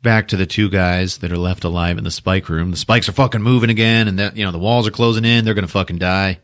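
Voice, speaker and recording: A man hosting a podcast, recapping a movie with lots of swearing and laughter, jumping into loud shouted character voices. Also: sits low, steady tone, quick pace. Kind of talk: animated comedic movie recap.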